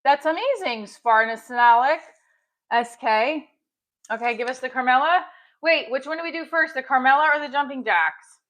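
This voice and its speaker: A woman's voice: sits high, moderate pace, fairly bright tone, rough recording. A woman, a comedian and actress, chatting on a live stream, thanking viewers and rambling about her shows.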